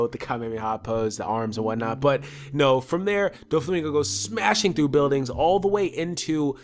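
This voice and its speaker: A man with a stuffy nose giving a casual solo episode review, rambling and swearing freely. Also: mid-range voice.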